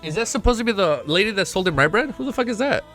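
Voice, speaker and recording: A young man streaming a casual reaction, excitable and swearing often, laughing between remarks. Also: sits high, quick pace, faint music behind. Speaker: streamer reacting to a web novel. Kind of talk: casual live reaction chat.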